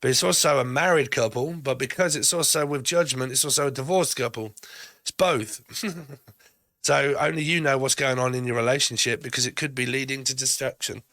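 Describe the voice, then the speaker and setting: A man talks his way through a tarot reading, jumping from card to card. He swears freely and laughs between his thoughts, at an ordinary middle pitch. The sound is dry and close, with no room echo. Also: brisk, pushed and bright. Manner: rambling, swears often, laughs between phrases. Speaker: tarot reader.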